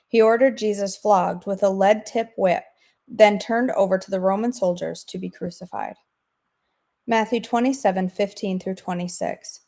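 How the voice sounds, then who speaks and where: Woman reading scripture aloud. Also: medium pitch. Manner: steady, measured reading aloud. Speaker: devotional host.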